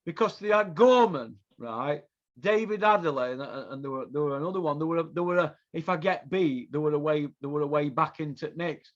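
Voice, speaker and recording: A man's voice: fairly high pitch, fairly quick. A man hosting his own show, ranting angrily and swearing heavily about boxing. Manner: profane, heated, repetitive ranting. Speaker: podcast host. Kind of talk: angry ranting commentary. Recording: dull lo-fi sound.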